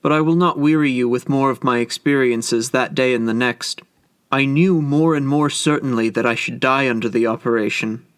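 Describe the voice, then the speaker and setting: A man narrating a classic story as an audiobook in a measured, reflective way. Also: mid-range voice, dry recording, clean studio sound.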